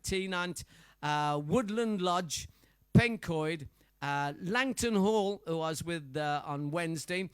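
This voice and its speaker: A Welsh man giving friendly shout-outs in a casual, rambling way, full of fillers, as a singer greeting his listeners. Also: a little high, clear, resonant tone, dry recording. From Wales. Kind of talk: casual live-stream chat.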